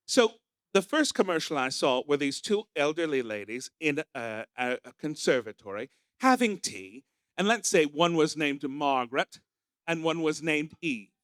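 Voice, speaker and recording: An American man hosts a stand-up comedy night at a small pub with a live audience, camp and theatrical, swooping into shrill character voices. His tone is fairly bright, and the studio-quality recording has no room sound.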